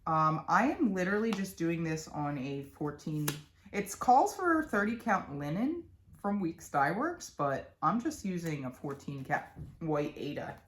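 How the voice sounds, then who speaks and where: Low-voiced woman with a Philadelphia accent. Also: sing-song, unhurried, a little hiss or hum. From Philadelphia, USA. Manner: chatty and rambling, many ums and restarts. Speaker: cross-stitch vlogger. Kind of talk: casual rambling chat.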